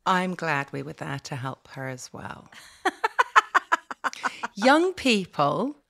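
Lively, laughing middle-aged woman guest. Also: on the low side, drawn-out words, vocal fry. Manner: animated, laughs often, breaks into playful impressions. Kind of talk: casual podcast chat.

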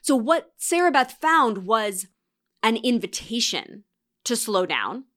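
A woman's voice: on the high side, sing-song, slow, fairly bright tone. A woman hosting a reflective solo podcast, coaching listeners in an encouraging tone and reading student quotes aloud. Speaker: podcast host and course mentor.

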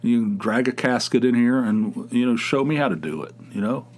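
A middle-aged man hosting a podcast, rambling casually and mocking excited people with put-on voices. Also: medium pitch, brisk. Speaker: podcast host. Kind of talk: casual solo podcast rant.

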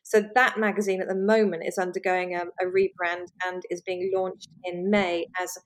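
A woman, a magazine editor, talking in a relaxed interview, laughing often and restarting her sentences. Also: on the low side, moderate pace. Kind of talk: conversational interview.

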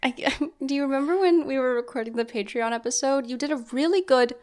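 A young woman co-hosting a podcast, chatting in a relaxed, warm and teasing way. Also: high-pitched, brisk. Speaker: podcast co-host. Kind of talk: casual chat.

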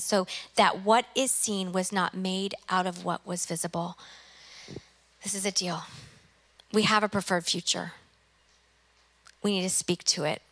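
A middle-aged woman pastor delivers a fervent sermon with a bright, ringing voice. She presses her points with emphatic repetition, urging her listeners on. Her voice sits at an ordinary pitch. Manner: emphatic, exhorting, repeats phrases for effect.

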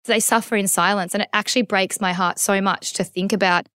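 A woman in her thirties talks openly as an interview guest. Her voice is smooth and resonant. It sits in a dry, close room. She rambles a little, doubling back and reaching for words as she goes. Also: mid-range voice, fairly even intonation, brisk, a bit bright, no room sound. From Australia. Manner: candid and emotional, many restarts and "like"s. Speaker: podcast guest. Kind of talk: conversational interview.

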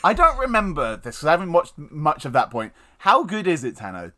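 Joking man with a lively voice. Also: a little high. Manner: joking, animated, quick quips. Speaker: podcast co-host. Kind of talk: casual chat.

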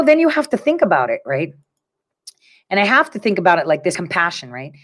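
Emphatic woman ranting in a chatty monologue. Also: lowish voice. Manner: animated storytelling, acting out both sides of conversations; emphatic, repeats phrases for effect. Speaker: commentator. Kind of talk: casual opinion monologue.

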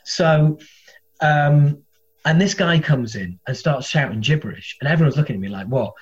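A man telling comic backstage stories in a lively, animated way, slipping into other people's voices as he goes. His voice sits fairly high for a man, and the recording sounds dull and lo-fi. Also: normal speed. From England. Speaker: guest, comedian and former metal singer. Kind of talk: casual storytelling.

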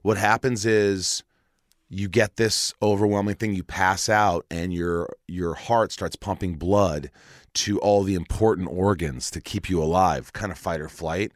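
A man with a low voice tells a personal story in casual chat. He acts out the dialogue and swears freely. The sound is dry and close. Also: steady tone, unhurried, no echo.

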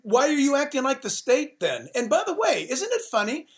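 A man's voice: very high-pitched, wildly swooping pitch, a bit bright. Emphatic preaching pastor, man. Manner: emphatic, rapid-fire repetition. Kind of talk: impassioned sermon-like talk.

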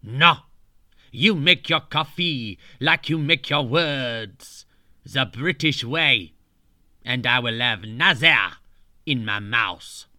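A man's voice: mid-range voice, animated, takes it slowly, sharp tone, no room sound, studio quality, voice pushed down, heavily acted. A man voicing a grumpy old French storyteller who gloats and cackles like a storybook villain. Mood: scornful.

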